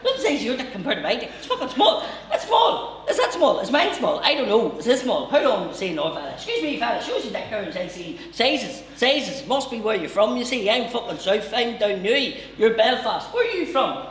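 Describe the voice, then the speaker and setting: A man on stage voicing a loud, pushy, unhinged Northern Irish taxi man who fires off questions. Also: big pitch swings, roomy sound, full character voice. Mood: manic. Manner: shouting rapid questions, high and pushy.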